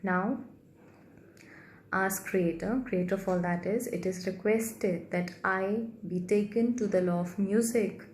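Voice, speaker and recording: A woman guiding a healing meditation in a soft, gentle, slow and repetitive way. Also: mid-range voice, steady tone. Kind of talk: guided meditation. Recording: roomy echo with faint background hiss.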